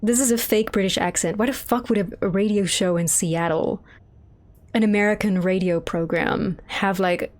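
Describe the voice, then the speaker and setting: A woman's voice: mid-range voice, fairly even intonation, normal speed, a little mellow. A woman streamer giving sarcastic, profane commentary while playing a game. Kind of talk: gameplay commentary.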